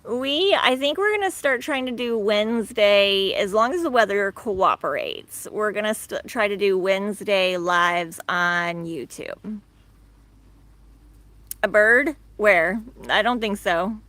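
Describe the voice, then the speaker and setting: A woman's voice: medium pitch, animated, takes it slowly, a bit bright, dry recording. A woman in her thirties rambling casually on a live stream from her backyard, laughing often and leaning on fillers. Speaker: live stream host, tortoise owner. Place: outdoors in a backyard.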